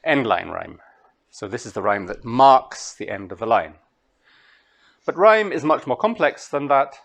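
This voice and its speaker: A Scottish man giving a master class on translation, talking to students in a lively way and chanting rhythms aloud. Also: mid-range voice, unhurried, gravelly. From Scotland. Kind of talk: lecture to students. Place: lecture hall.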